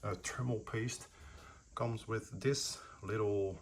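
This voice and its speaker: A man's voice: fairly low pitch, fairly even intonation, slow, slight background noise. A man casually narrating his PC build while filming on a handheld phone, talking in a rambling, hesitant way with many fillers. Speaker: PC building vlogger. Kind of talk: casual self-filmed narration. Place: indoors at home, sitting on the floor.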